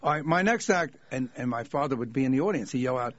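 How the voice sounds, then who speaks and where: An older man, a comedian guest, telling anecdotes in a lively way and laughing as he goes. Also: mid-range voice, quick pace, dry recording. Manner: lively, laughing as he tells stories. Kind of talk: anecdotal storytelling. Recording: dull dry lo-fi sound.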